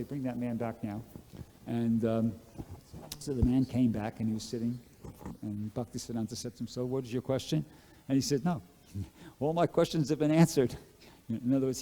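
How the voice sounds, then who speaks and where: A man speaking at a temple gives a Bhagavatam scripture class, telling devotional stories in a casual, rambling way with many fillers and restarts. His voice is medium-pitched and mellow.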